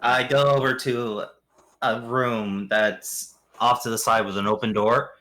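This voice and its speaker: A man's voice: mid-range voice, fairly even intonation, measured pace, bright, forceful tone. A man playing his character in a tabletop game, rambling in a drawling way. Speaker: player. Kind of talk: casual in-character role-play.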